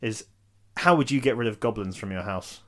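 A man's voice: on the low side, brisk, a bit bright. A man co-hosting a casual chat, laughing often and stumbling over his words. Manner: laughs a lot, stumbles and restarts while reading a summary. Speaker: podcast co-host.

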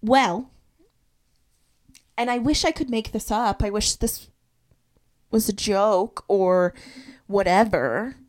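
A young woman hosting a solo podcast, retelling a personal story in an animated, confessional way. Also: mid-range voice, slow pace, long pauses. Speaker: podcast host.

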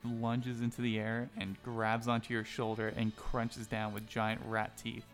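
With faint music behind him, a man runs a tabletop game as game master, narrating crudely and casually as he rambles through lots of filler. He speaks unhurriedly, in a monotone, mid-range voice.

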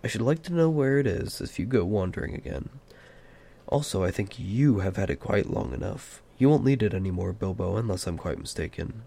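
A man voicing an old male wizard, grave and stern, speaking in a measured way in an amateur audiobook reading. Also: fairly low pitch, expressive, creaky, mellow.

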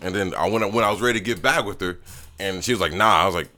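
A man's voice: sits low, rapid-fire, pushed and bright. A young man on a podcast, telling stories in loose, joking casual chat with lots of restarts. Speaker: podcast co-host.

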